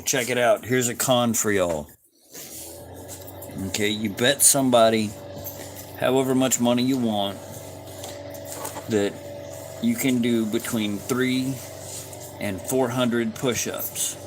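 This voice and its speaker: A man's voice: mid-range voice, slow pace, pauses often, slight background noise, poor audio. A man in his fifties hosting a livestream, chatting casually with his viewers in a laid-back, folksy way with frequent chuckles. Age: 50s. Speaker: livestream host.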